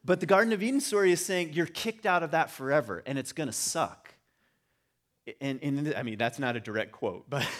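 A middle-aged man giving an informal talk on religion to a group, conversational and rising into animated emphasis. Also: fairly high pitch. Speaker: speaker on religion and home.

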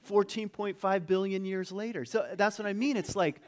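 Animated preaching man, slightly high voice. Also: fast talker, hardly any pauses. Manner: animated, conversational preaching with jokes and asides. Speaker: pastor. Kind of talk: sermon with reading.

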